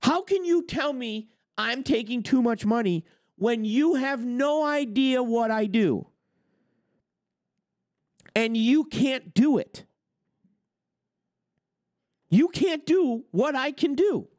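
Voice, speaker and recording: With a very high, slightly mellow voice, this trucking talk channel host speaks slowly and animatedly, leaving long pauses. His opinion monologue is a heated, sarcastic rant with swearing and mocking put-on quotes, recorded clean in a studio with no echo.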